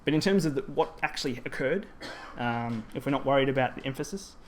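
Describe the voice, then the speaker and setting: A man's voice: mid-range voice, animated, a little fast, slight background noise. A man presenting at a language teaching symposium, explaining grammar in a conference talk with frequent ums and self-corrections.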